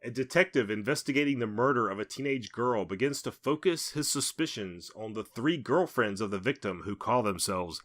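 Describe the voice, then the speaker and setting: A man's voice: mid-range voice, lively intonation, normal speed, hardly any pauses, a bit bright. A man co-hosting a casual podcast. He reads out release details and laughs often. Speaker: podcast co-host.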